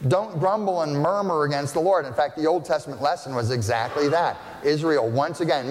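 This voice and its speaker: A man's voice: on the high side, a little fast, few pauses, slight background noise. A man pastor preaching a conversational sermon, often checking in with the congregation by asking "right?". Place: church sanctuary. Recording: long reverb of a church hall.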